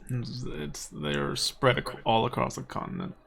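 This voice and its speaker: A man with a gravelly, creaky voice chatting casually as a tabletop game player. He trades quick jokes and questions with the table. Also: fairly low pitch, wildly swooping pitch, a bit bright, a little hiss or hum.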